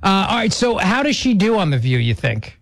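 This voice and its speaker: Man, radio host, high voice, very lively pitch, sarcastic, mocking banter. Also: a little fast. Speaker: radio talk show host. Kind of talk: conservative talk radio banter.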